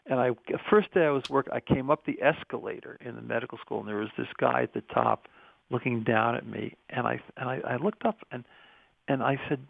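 A deeply gravelly, creaky man talks in an earnest, musing way, often pausing and restarting as he thinks. His voice comes through thin and phone-like, with a dry, close sound. He speaks as a guest in a reflective interview. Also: no room sound. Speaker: interview guest, medical school researcher.

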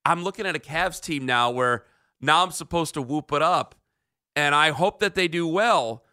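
Male radio co-host with a bright, dry studio sound, defensive and sarcastic. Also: fairly high pitch, expressive, normal speed, smooth, no room sound. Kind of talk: heated sports radio debate.

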